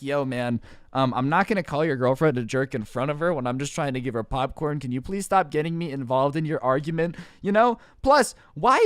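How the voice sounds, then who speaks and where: A man's voice: high-pitched, a bit bright, clean tone, no room sound, clean studio sound. A young man telling a comedic storytime about customer service jobs in a sarcastic, exasperated rant. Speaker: storytime vlogger.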